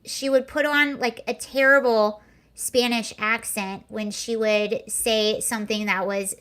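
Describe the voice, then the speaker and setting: A woman's voice: fairly high pitch, fairly even intonation, unhurried, a bit bright. Sarcastic woman livestream host. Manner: sarcastic, laughing, reading out viewer comments. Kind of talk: casual chat reacting to clips and comments.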